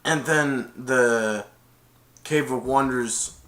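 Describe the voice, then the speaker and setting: Man, casual plot retelling, rambling, lots of "and then", bright tense tone. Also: mid-range voice, drawn-out words. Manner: rambling, strings events with repeated "and then". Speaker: film reviewer.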